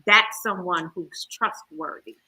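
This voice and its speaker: A woman hosting a casual Bible discussion, talking in an animated and emphatic way. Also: lowish voice, takes it slowly, low-quality recording. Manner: animated, emphatic, hollers with laughter. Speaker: host.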